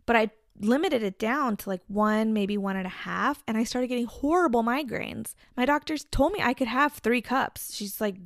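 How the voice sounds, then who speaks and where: A young woman co-hosting a podcast in casual chat, talkative and quick to laugh, telling little stories with plenty of asides. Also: fairly high pitch, no echo, studio quality. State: pregnant. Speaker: podcast co-host.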